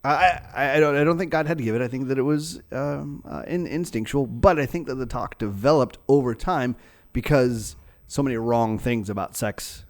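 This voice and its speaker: A man's voice: medium pitch, moderate pace, few pauses. Rambling man co-hosting a podcast. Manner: rambling, many fillers and restarts. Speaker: podcast co-host. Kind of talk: casual chat.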